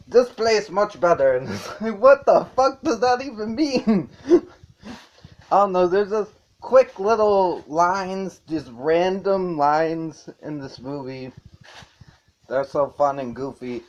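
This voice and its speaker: A man's voice: on the high side, expressive, slow pace, highs cut off. A man reviewing a movie in a casual, rambling way, swearing and chuckling as he goes.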